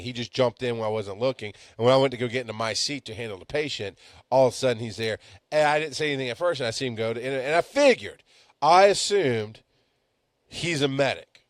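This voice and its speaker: A male paramedic instructor gives a storytelling lecture in a middle-pitched voice. He talks bluntly, jumping from loud, stressed points to low, muttered asides. The sound is dry and close, with no room echo.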